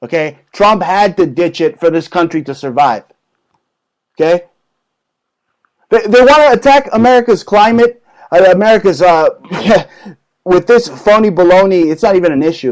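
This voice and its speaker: A male host rants in a combative, profane way, stopping to jab "okay?" and "right?" at listeners. His voice sits a bit high for a man. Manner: profane, combative rant with constant "okay?" tags. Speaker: show host. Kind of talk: satirical ranting chat.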